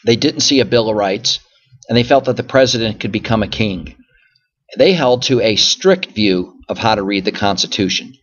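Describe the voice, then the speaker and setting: Speaking at a moderate pace with lively intonation and a fairly low pitch, a male history teacher lectures over slides in a recorded class, though the audio sounds dull. He explains with patience, frequently circling back with "so again" and "okay?".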